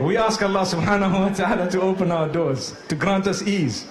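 High-voiced male preacher in an echoing hall. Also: brisk, hardly any pauses, noisy background. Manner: animated, humorous storytelling with rhetorical questions. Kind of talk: sermon.

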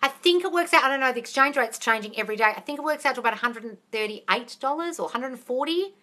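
A woman's voice: sits high, expressive, quick pace, sharp tone. An Australian woman hosting a casual live Q&A as a manifesting coach, blunt and sweary, calling everyone darling.

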